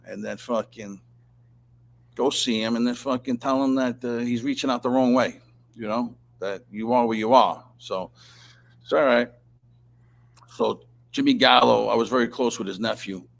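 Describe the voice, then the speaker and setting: A man telling a long, rambling story in casual chat, swearing constantly and clearing his throat often. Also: medium pitch. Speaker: interview guest.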